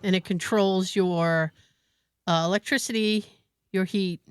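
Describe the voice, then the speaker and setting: Female podcast host, animated storyteller, dry studio mic. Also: mid-range voice, unhurried, smooth, dry recording. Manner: animated storyteller, laughs often. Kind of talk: casual chat.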